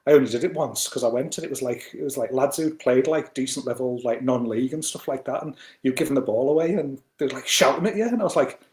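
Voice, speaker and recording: A man's voice: medium pitch, fast talker, hardly any pauses, darkish tone. A man from England co-hosting a wrestling podcast, telling stories, laughing often and swearing casually. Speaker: podcast co-host. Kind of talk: casual chat. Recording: roomy echo.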